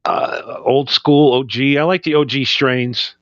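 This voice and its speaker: A young man co-hosting a podcast in casual chat, joking loudly and laughing a lot. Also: mid-range voice, steady tone, a little slow, dry recording, muffled recording. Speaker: podcast co-host.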